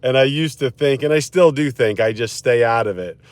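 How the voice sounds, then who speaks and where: A man's voice: medium pitch, moderate pace, dry recording. A man in his forties, an attorney, telling a rambling story in a casual monologue while walking outside, chuckling often, recorded on a phone held at arm's length. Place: outdoors outside a courthouse.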